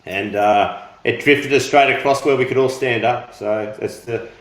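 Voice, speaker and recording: A man, a head lifeguard, calmly recounting a rescue in a relaxed, matter-of-fact way. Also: mid-range voice, moderate pace, echoey room, low-quality recording. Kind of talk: casual chat on a live stream.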